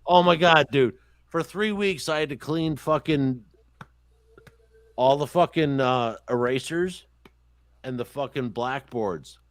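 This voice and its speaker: Man, podcast host, profane animated storyteller, dry close sound, middle pitch. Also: slow, long pauses, no room sound. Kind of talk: casual chat, storytelling.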